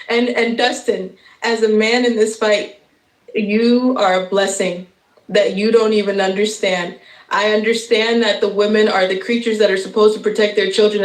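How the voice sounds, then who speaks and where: A woman's voice: mid-range voice, roomy sound, low-quality recording. A woman in her thirties giving an impassioned speech as a guest on a live stream, emotional and stumbling, with nervous laughs. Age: 30s.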